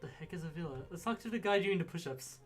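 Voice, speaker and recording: A man's voice: fairly high pitch, animated, fast, soft background music. A man joking around while commenting casually on a game he plays with a friend. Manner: joking, goofy. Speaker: let's play gamer.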